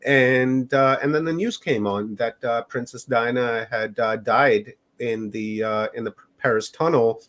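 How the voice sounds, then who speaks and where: A middle-aged man from Canada, a podcast guest recounting his own experiences in a loose, unhurried way. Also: mid-range voice, fairly bright tone. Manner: unhurried, rambling storytelling. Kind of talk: personal storytelling in an interview.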